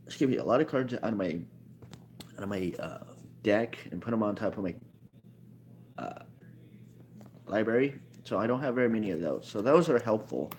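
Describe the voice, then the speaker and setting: A man's voice: fairly low pitch, lively intonation, normal speed, pauses often, a little mellow, a little hiss or hum. A man talking casually about a card game in a rambling monologue, often correcting himself as he thinks aloud. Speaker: card game video maker.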